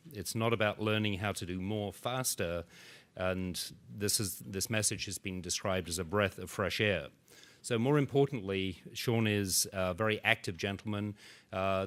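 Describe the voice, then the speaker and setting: Low-voiced man introducing a speaker. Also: a bit bright. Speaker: conference co-chair introducing the speaker. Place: conference hall. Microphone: stand microphone.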